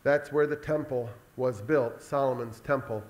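A male pastor delivering a sermon in an animated storytelling way, acting out Bible scenes. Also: medium pitch, normal speed.

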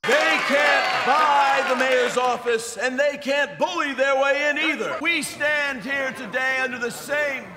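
An actor playing a politician declaiming loudly in a public speech. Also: male voice, very high voice, a little slow, hardly any pauses, a crowd in the background. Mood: rousing.

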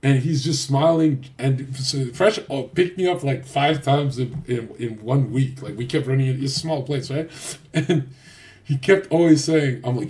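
A man's voice: mid-range voice, unhurried, a little mellow. A man livestreaming a casual rant, crude and boastful, swearing often and rambling loosely with restarts. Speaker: streamer.

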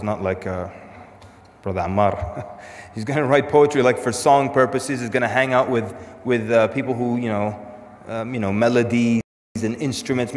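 A man in his thirties giving a conference lecture, telling stories with jokey asides and dropping in Arabic terms. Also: mid-range voice. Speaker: speaker at an Islamic conference. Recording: echoey lecture hall.

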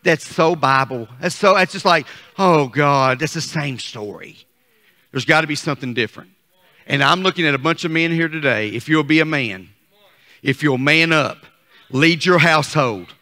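A male pastor preaching a fervent sermon that rises to shouts, in a church sanctuary. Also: on the high side, moderate pace. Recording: long hall reverb.

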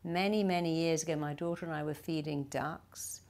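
Earnest woman telling stories, low voice. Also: steady tone, a little mellow. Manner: earnest, storytelling, slows to stress key points. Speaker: therapist and motivational speaker. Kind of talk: motivational talk with personal stories.

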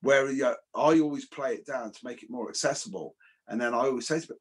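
Guy, kinda husky, rambly animated storyteller, swears a bit. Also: medium pitch, quick pace. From England. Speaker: martial arts instructor. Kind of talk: casual podcast chat.

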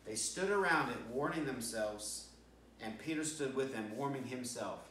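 A man's voice: medium pitch, animated, normal speed, fairly bright tone, slight background noise. A male pastor preaching a sermon, telling a story and acting out quoted lines with restarts. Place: church sanctuary. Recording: roomy church sound from a distant mic.

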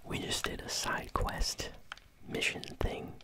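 A whispering ASMR gamer chewing gum. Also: slow pace. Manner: chewing bubblegum while whispering; casual, easily amused, chatty asides. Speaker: ASMR gaming host. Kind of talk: whispered ASMR gameplay commentary.

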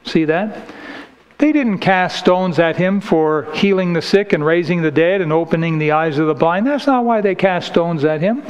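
A man's voice: high-pitched, moderate pace, dull audio. A man preaching a sermon in church, emphatic and combative, reading scripture aloud and hammering his points. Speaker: pastor.

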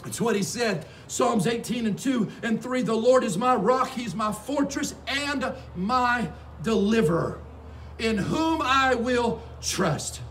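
A male pastor preaching a sermon in a fervent, repetitive way that rises to shouts. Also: very high voice, a little slow, few pauses. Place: church sanctuary. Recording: distant mic with faint background noise.

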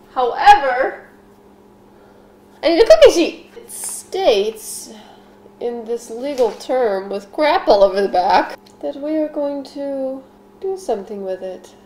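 High-pitched and darkish in tone, this young woman runs a home baking show in her kitchen; the sound is roomy with slight background noise. She jokes around and rambles between steps, tossing in silly asides.

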